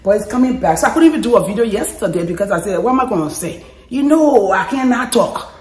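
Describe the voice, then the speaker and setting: A woman hosting a casual cooking vlog, hoarse from shouting, exuberant and quick to laugh and yell. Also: mid-range voice, expressive, reverberant. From Liberia. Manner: exuberant, laughs and yells often. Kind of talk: casual chat to camera. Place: home kitchen.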